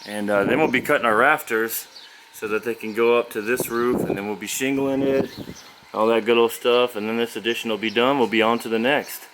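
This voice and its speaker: Folksy builder on a windy site. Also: male voice, medium pitch, steady tone, a little fast, a bit bright. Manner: explains step by step, loose and folksy. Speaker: builder showing his work. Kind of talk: casual job-site walkthrough. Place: outdoor construction site, windy. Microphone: camera's built-in mic. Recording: windy outdoor camera audio. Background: wind noise.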